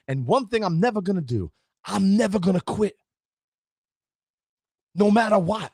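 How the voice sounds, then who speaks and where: Hosting a motivational livestream, a man preaches about never quitting, greets viewers by name, and at times gets choked up. His high, animated voice is darkish and slightly rough, moving at a moderate pace with long pauses, recorded with clean studio sound and no room sound.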